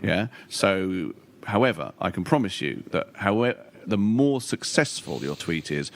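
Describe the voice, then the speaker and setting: Guest spot: a middle-aged man with a low voice, talking loosely and rambling. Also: sing-song, normal speed. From London. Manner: rambling, swears, frequent restarts. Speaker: guest comedian. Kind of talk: casual chat.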